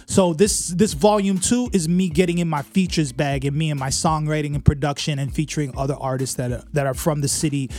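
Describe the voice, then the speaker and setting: A man from Canada, a musician guest in a radio studio, talking in a relaxed, rambling way with lots of fillers. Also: on the high side, a little fast, few pauses. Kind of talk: casual radio interview.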